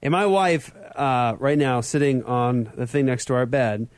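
A man hosting a talk radio show, upbeat and quick, laughing easily between remarks. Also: mid-range voice, no room sound. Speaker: radio show host and pastor.

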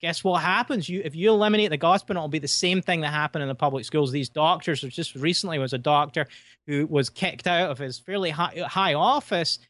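A man's voice: on the high side, fairly quick, a bit bright, dry recording. A man with a Scottish accent, a guest filmmaker, talking in an emphatic, preachy way in a casual discussion.

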